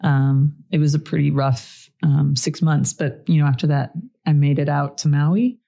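Relaxed, reflective woman in her forties from Colorado; low, warm delivery as a podcast guest. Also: normal speed, vocal fry. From Colorado, USA. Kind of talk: casual storytelling chat.

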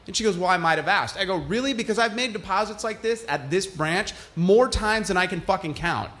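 A man's voice: high-pitched, fairly bright tone. A man hosting a podcast, telling a story in a casual, heated, profane way, full of "like". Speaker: podcast host.

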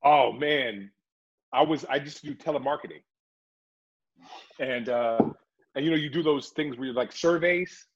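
A middle-aged man spinning stories in a loose, animated interview, slipping in and out of little character voices. His voice is husky and mid-pitched. The sound is dull and slightly lo-fi. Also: measured pace, pauses often. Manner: animated, chatty, slips into voices. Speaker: actor and guest. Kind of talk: casual interview storytelling.

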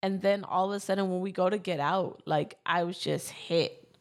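A woman's voice: lowish voice, fairly even intonation, normal speed. A woman in her twenties telling a personal story in casual chat, with lots of fillers.

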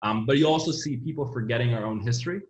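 A man's voice: medium pitch, fast, slight background noise. A man talking politics in a rambling, casual way, full of fillers and restarts. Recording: roomy, dull lo-fi sound.

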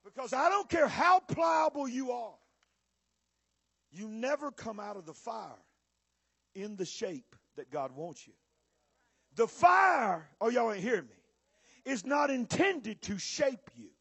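A male preacher, giving a sermon with bursts of shouting and drawn-out emphasis to a church audience. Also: extremely high pitch, sing-song, vocal fry, slightly rough, no room sound. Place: church or conference hall with audience.

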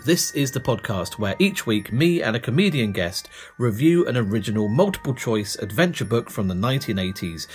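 Comedian guy hosting his podcast, middle-pitched voice, chatty and jokey, pokes fun at himself. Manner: chatty, playful, self-mocking. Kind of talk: casual podcast monologue.

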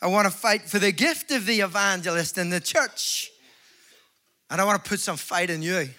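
A man's voice: high voice, moderate pace, sharp tone. A Northern Irish man preaching at a conference, joking with the crowd and building to fervent exhortation. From Northern Ireland. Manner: jokey, rising to fervent exhortation. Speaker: evangelist preacher. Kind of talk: conference sermon with humor. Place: large conference hall before an audience.

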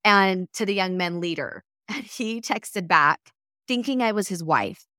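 A woman telling a story casually in a conversation, lively and laughing as she acts out the quoted texts. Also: mid-range voice, measured pace, no echo, studio quality.

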